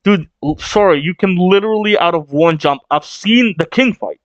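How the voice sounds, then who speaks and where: A young man reacting to a comic chapter he reads aloud, excitable and swearing, laughing often. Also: sits high, moderate pace, no echo, lo-fi sound. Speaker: reaction streamer. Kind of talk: casual reaction reading.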